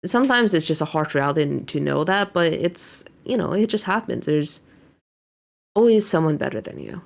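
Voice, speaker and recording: Brief: young woman, low gravelly voice, chatty anime reaction commentary with lots of ums and likes. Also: very animated, moderate pace. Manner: recaps scenes by paraphrasing characters with many fillers. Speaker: VTuber reacting to an anime episode. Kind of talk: casual commentary.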